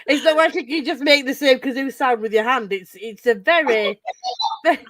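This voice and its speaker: A woman's voice: sits high, normal speed, a bit bright, no echo. A woman hosting a casual group video chat, giggly and self-mocking, often breaking into laughter. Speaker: host.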